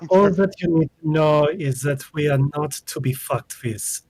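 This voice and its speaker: A man's voice: fairly high pitch, measured pace, a little mellow, slightly rough, no room sound. A man voicing a haughty wizard who speaks with formal, menacing politeness. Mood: threatening. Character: haughty, courteous male wizard.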